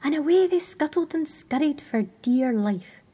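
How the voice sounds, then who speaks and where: A woman telling a story in a soft, hushed whisper. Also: high-pitched, animated, normal speed.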